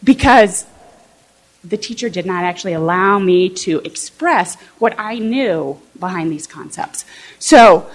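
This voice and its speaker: A woman professor from southern Illinois giving a conversational talk to fellow teachers, often checking in with the audience. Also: medium pitch. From southern Illinois, USA. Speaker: political science professor.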